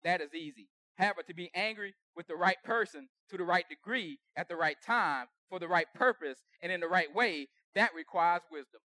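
High-voiced pastor preaching with loud bursts. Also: male voice, fairly quick, hardly any pauses, no echo, studio quality. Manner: conversational preaching with sudden loud bursts and dropped asides. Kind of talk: sermon. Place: church sanctuary.

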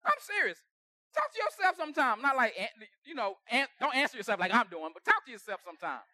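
High-voiced pastor preaching with loud bursts. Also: male voice, very animated, fast, no room sound, clean studio sound. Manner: conversational preaching with sudden loud bursts and dropped asides. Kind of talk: sermon. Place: church sanctuary.

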